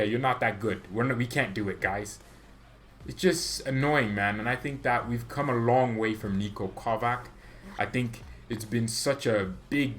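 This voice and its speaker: Excitable opinionated man in a fan vlog. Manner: rambling, opinionated and excitable, with sudden jumps in pitch and loudness. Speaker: football fan channel host. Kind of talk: casual fan reaction vlog.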